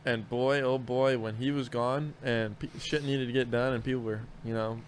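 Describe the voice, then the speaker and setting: A man's voice: medium pitch, fairly even intonation, moderate pace. Guy rambling thru work stories, swears a lot, bit of hiss behind. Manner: profane, rambling storyteller with many restarts. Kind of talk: casual chat.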